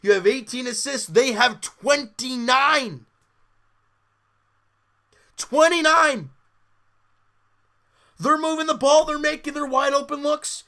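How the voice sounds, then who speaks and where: A man's voice: very high voice, fairly even intonation, moderate pace, vocal fry, hardly any pauses, pushed and bright. A man hosting a sports podcast, candidly and exasperatedly breaking down a live basketball game like a fan. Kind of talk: casual live game commentary.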